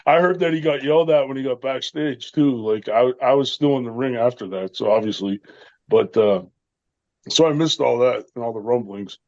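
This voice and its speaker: A man chatting casually in a relaxed way, laughing and swearing now and then. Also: mid-range voice, normal speed. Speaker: wrestling veteran guest. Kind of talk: casual chat. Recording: dull lo-fi audio.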